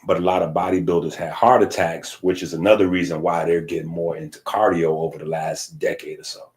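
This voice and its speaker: A man's voice: deep voice, flat delivery, fairly quick. Lecturing man who keeps asking "right?". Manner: checks in with constant "right?" tags; loose, conversational explaining with asides. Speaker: teacher. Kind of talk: casual lecture.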